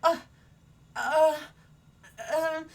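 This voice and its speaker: A woman narrating a tabletop game as game master, relaxed with many fillers. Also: high-pitched, drawn-out words, vocal fry.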